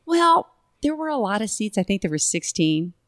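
A middle-aged woman, a flight attendant and host, telling an animated story in casual chat and acting out the voices. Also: mid-range voice, moderate pace, no room sound, clean studio sound.

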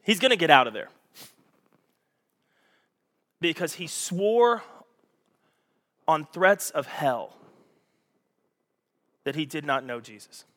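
A man preaching a sermon to a congregation, animated and storytelling, acting out scenes with raised voices. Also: fairly high pitch, unhurried, pauses often. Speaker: pastor. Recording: echoey hall.

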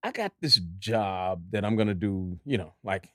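A middle-aged man from Dallas, an actor guest in an interview, telling stories in an animated way and acting out other people's voices. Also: on the low side, normal speed, no echo, clean studio sound. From Dallas, Texas. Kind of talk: storytelling interview.

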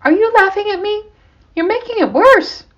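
A woman's voice: very high-pitched, animated, normal speed, fairly bright tone, voice pushed up. A woman voicing an indignant middle-aged wife who shrilly accuses her husband, on a dull lo-fi recording. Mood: hurt.

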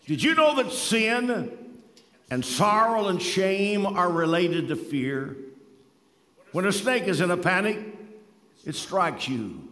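Male preacher, sermon, high voice, scripture quoting, folksy stories, long reverb. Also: sing-song, slow pace, long pauses, fairly bright tone. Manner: preaching with scripture quotations in King James wording; folksy storytelling with rising emphasis.

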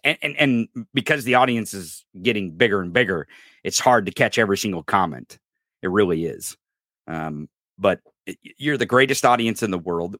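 A man's voice: fairly low pitch, no room sound, studio quality. A man hosting a political podcast, ranting casually with lots of profanity, rambling and stumbling over his words. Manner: profane, rambling, animated, laughs and stumbles often. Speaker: podcast host.

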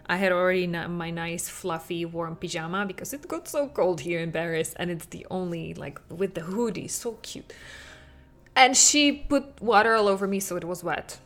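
Woman coaching parents on a podcast, kinda low, quiet music behind. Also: creaky. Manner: animated, acts out quotes with laughs. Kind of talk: podcast monologue.

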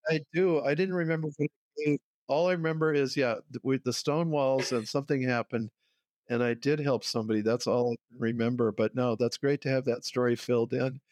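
An older man, a guest herbalist, telling stories in a relaxed way and often laughing. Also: medium pitch, fairly quick, dry recording, studio quality. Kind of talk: conversational interview.

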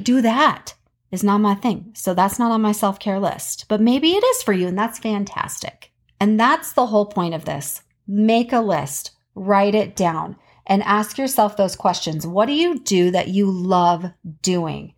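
A middle-aged woman hosting a podcast, talking in a chatty, candid and emphatic way. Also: mid-range voice. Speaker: podcast host. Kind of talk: casual podcast monologue.

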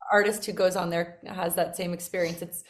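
A woman's voice: fairly low pitch, little pitch movement, brisk, reverberant. A woman, a singer guest on a radio interview, talking in a playful, joking way.

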